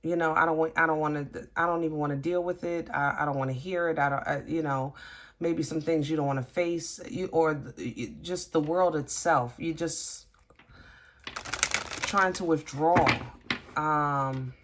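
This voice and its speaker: A woman giving a casual tarot reading, halting and gently reassuring, often restarting her sentences. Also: deep voice, steady tone, slight background noise. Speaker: tarot reader.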